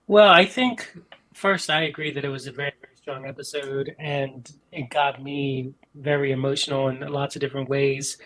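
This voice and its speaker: A man's voice: mid-range voice, fairly even intonation, normal speed, fairly bright tone, rough recording. A man in casual podcast chat, talking enthusiastically and rambling with many ums, from an upstairs room in his mother's house. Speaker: podcast guest.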